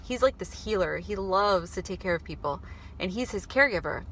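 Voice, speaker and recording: Vlogger, woman, bright tone, earnest and halting, faint background hum. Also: medium pitch, lively intonation. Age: adult, married. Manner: earnest, emotional, halting with restarts. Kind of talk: spiritual vlog monologue. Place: before going to work.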